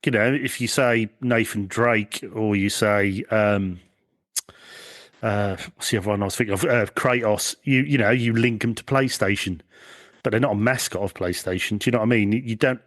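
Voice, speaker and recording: A man's voice: on the low side, moderate pace, a bit bright. A man hosting a podcast in casual chat, agreeable, often repeating words and restarting sentences. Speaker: podcast host.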